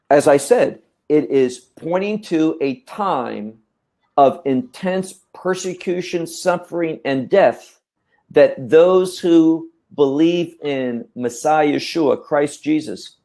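A man teaching scripture in a measured, emphatic way, often repeating words as he thinks. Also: on the high side, warm tone. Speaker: Bible teacher. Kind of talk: teaching talk.

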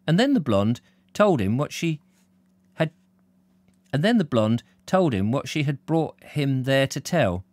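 This British reader and live-stream host has a medium-pitched voice with big pitch swings, speaking at a measured pace with long pauses, in a dry recording. He reads from a novel live before chatting with viewers and warmly sharing their comments.

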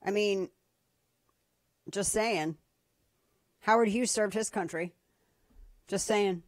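A woman's voice: mid-range voice, takes it slowly, no echo, studio quality. A woman hosting a political talk radio show, speaking casually with a sarcastic, mocking edge. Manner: sarcastic, mocking, lively asides.

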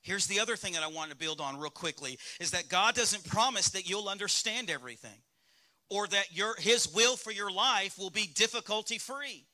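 Male pastor, Southern US accent, bright high voice, candid sermon in a church. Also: normal speed. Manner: candid, conversational preaching with rhetorical questions to the congregation. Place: church sanctuary.

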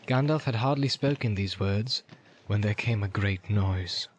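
A man narrating a fantasy audiobook in a steady, dramatic storytelling manner. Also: lowish voice, measured pace. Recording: loud music under the voice.

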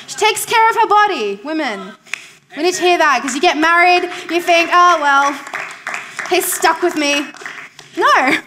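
A woman pastor with a high, bright voice delivers a sermon. She talks to the congregation like a friend, asks them questions and repeats her main points for emphasis. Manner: repeats key phrases for emphasis.

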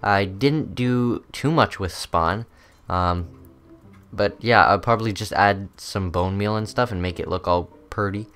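A young man with a lowish voice hosts his gaming channel, rambling casually over gameplay with plenty of ums and uhs. Faint music plays behind him. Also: unhurried, fairly bright tone, clean tone.

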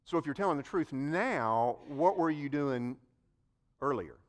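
Animated preacher. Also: male voice, on the high side, unhurried. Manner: animated storytelling, addresses listeners directly. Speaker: pastor. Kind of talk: sermon.

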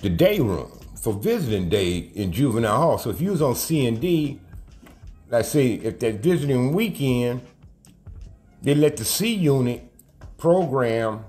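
A man's voice: mid-range voice, very animated, a little slow, darkish tone, soft background music. A middle-aged man, telling street stories in casual, profane, slang-heavy talk and acting out the quotes. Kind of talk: casual storytelling.

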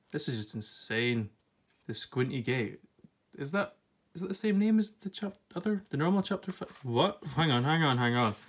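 A young man from Scotland with a Scottish accent, talking casually in a vlog. He chats freely and laughs a lot, and he reads passages aloud in a halting, stop-and-start way. His voice sits at a middling pitch. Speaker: vlogger. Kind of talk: casual unboxing chat.

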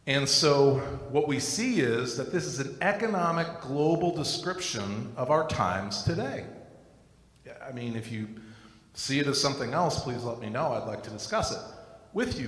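Earnest man preaching in an echoey room. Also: medium pitch. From United States. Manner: earnest, personal testimony mixed with scripture. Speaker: Christian teacher. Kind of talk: recorded sermon. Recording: echoey room with long reverb.

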